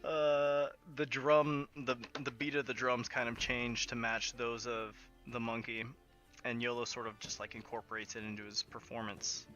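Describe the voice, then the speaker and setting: A man's voice: medium pitch, level tone, moderate pace, sharp tone, highs cut off, faint music behind. A man narrating as game master of a tabletop game, playful and full of fillers. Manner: playful storytelling with frequent fillers.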